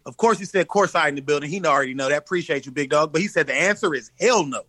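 High-voiced joking man on a podcast. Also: fast talker, sharp tone, no echo. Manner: playful, joking interjections. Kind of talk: casual chat.

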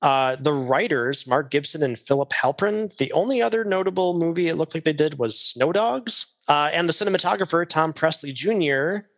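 A man co-hosting a casual movie podcast, going through his notes in a measured way with frequent "uh" fillers. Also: a little high, lively intonation, fairly bright tone. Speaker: podcast co-host.

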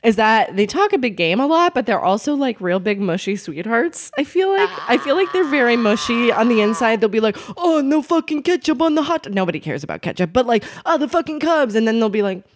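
A young woman from Albuquerque in casual chat, animated, laughing often and swearing freely. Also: fairly high pitch, brisk, few pauses. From Albuquerque, New Mexico.

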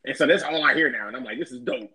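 A man in a casual chat, quickly telling funny stories in slang and acting out what people said. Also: medium pitch, sharp tone, slightly rough, no room sound. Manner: fast storytelling slang, acts out quotes.

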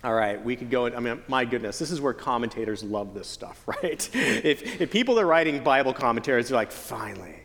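A man preaching a sermon as pastor, earnest with playful joking asides and slow, stretched emphasis on key phrases. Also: mid-range voice, expressive, fairly bright tone. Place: church sanctuary. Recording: long church hall reverb.

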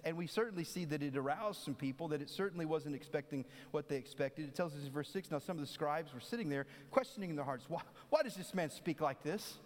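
A man's voice: a little high, fast, few pauses. A man preaching a sermon in a conversational way, acting out the voices of the people he quotes. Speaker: pastor. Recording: long hall reverb.

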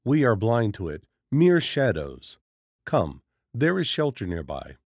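A man doing a calm, solemn forest warrior. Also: fairly low pitch, no echo, studio quality, exaggerated voice. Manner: calm, measured, formal speech.

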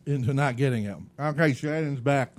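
Chatty podcast host talking mouth full. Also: male voice, mid-range voice, a little fast. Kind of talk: casual chat while eating on a podcast.

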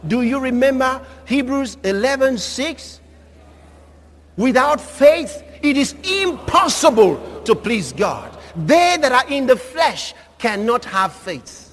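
A man preaching a sermon, leading the congregation in call-and-response and shouting at the high points. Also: sing-song, slow. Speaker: pastor. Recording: live hall with crowd and noise behind.

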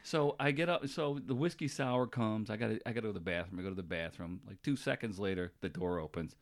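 A man's voice: lowish voice, fast. A middle-aged man hosting a podcast, telling stories in casual chat with lots of laughter. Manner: animated, laughing storyteller. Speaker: podcast host.

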